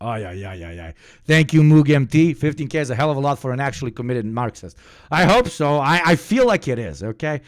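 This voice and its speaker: A man from the Balkans hosting a livestream, shouting profane, hyped thank-yous to his viewers until his voice goes hoarse, then settling into calmer, sincere talk. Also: a little fast. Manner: calmer, low-key and sincere. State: hoarse from screaming. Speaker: livestream host.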